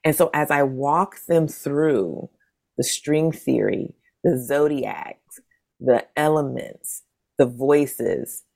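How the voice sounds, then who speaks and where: A woman in her forties with a strikingly deep, gravelly voice speaks slowly as a guest in a casual storytelling conversation. A zine maker, she talks in a relaxed way, acting out quoted words with big leaps in pitch.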